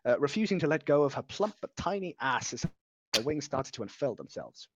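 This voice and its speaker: A man's voice: fairly high pitch, big pitch swings, brisk, lo-fi sound, background noise. A man reading a story aloud in a casual, unpolished way, stumbling over words and restarting them as he goes. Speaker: amateur reader.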